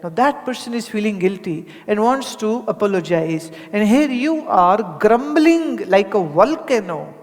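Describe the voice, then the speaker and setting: A woman's voice: on the high side, very animated, normal speed, darkish tone. A woman from India giving a spiritual talk to an audience, conversational, asking rhetorical questions and acting out the people she quotes. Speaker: spiritual teacher. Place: large hall with audience. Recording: long hall reverb.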